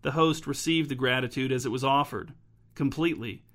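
A man narrating a story in a steady, measured audiobook style. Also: medium pitch.

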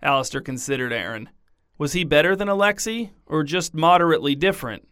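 A man narrating a story in a deadpan, scripted reading. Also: fairly high pitch, a little fast, clear, resonant tone, no echo, studio quality.

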